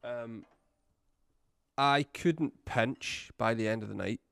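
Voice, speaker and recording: A man's voice: medium pitch, slow, creaky, fairly bright tone, smooth, no room sound, studio quality. A middle-aged man, hosting a podcast in an easygoing way and speaking straight to the listeners. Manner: easygoing, addresses listeners directly. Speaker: podcast host, drummer, music shop worker. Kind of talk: casual chat.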